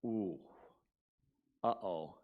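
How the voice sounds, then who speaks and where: A man giving a conversational storytelling sermon as guest speaker in a church, swinging between loud bursts and quiet drops and repeating words for emphasis. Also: sits low, drawn-out words, narrow, tinny audio. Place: church sanctuary.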